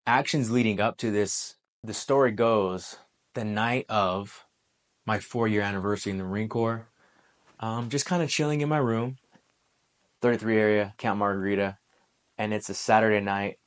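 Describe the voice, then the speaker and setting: A man in his twenties, a former Marine, telling a personal story in a relaxed, conversational way, full of military slang. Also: fairly low pitch, moderate pace. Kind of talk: casual storytelling monologue.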